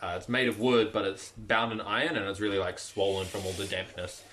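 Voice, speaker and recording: A man's voice: lowish voice, level tone, brisk, fairly bright tone, slight background noise. A man narrating a tabletop game as game master in a loose, chatty way with many fillers.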